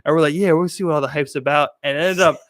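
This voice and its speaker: Fast-talking rambling young man, dry sound. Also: a little high, fairly bright tone, no echo. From Maryland, US. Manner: rambling, profane, slangy, laughs while telling stories. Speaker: podcast host. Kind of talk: casual chat, storytelling.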